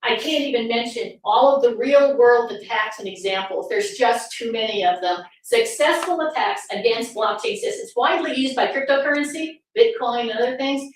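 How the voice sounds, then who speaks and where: A woman with a fairly high voice gives a talk to a live audience. She is sarcastic and asks pointed rhetorical questions. The sound comes from a distance in a very echoey room. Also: moderate pace, few pauses. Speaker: speaker at a political summit. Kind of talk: presentation talk. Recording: very echoey room from far off, faint noise.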